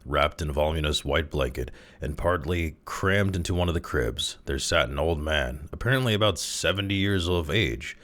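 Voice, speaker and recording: A man casually reading a classic short story aloud, with expressive, dramatic delivery. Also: very deep voice, moderate pace, few pauses. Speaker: narrator, audiobook reader.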